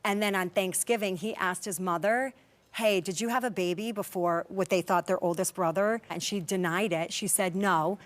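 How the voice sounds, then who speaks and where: A woman's voice: medium pitch, steady tone, moderate pace. A woman telling a personal story in casual talk-show chat, full of fillers and acted-out quotes. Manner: chatty, many "like" fillers, acts out quoted dialogue. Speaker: reality show cast member.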